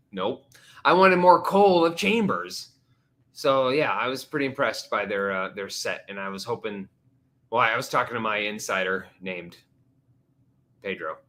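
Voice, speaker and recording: A man's voice: lowish voice, moderate pace. A man hosting a casual live stream, joking around and slipping into silly voices. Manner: jokey, animated, slips into silly voices. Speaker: livestream host.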